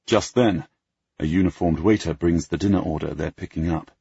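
Brief: low, raspy male narrator, first-person audiobook, dry muffled sound. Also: normal speed, dark tone. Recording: dull lo-fi dry recording.

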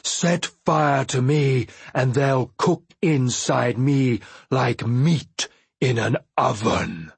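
A man voicing a wounded, bitter living ship that speaks slowly and raggedly in an audiobook. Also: mid-range voice, creaky, slightly rough, no echo, exaggerated voice.

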